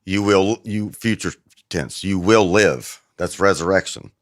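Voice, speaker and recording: Low-voiced man walking through bible greek slowly, lots of ums, dry mic. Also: dry recording. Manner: explains Greek grammar patiently, with fillers. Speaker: guest theologian. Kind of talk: casual explanatory discussion.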